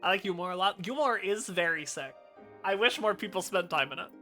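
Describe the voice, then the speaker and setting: Excitable swearing game streamer. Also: mid-range voice, brisk, soft background music. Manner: enthusiastic, swearing, rambling. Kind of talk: casual live-stream chat.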